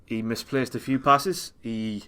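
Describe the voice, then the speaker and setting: A man's voice: mid-range voice, a little slow, smooth. A young man, chatting bluntly and wryly about his team's latest match as a fan pundit. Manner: blunt, wry, animated when telling stories. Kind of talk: casual chat.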